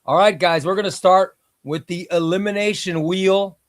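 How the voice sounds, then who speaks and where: A man's voice: high-pitched, steady tone, normal speed, no room sound. A man hosting a casual comic book livestream, chatting with viewers and calling out names as they are eliminated from a giveaway wheel. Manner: chatty, exclaims at each elimination.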